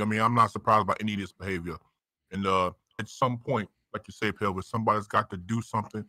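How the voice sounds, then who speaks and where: A man's voice: fairly low pitch, steady tone, fast, pushed and bright, no echo. A man doing color commentary for wrestling, ranting in theatrical trash talk.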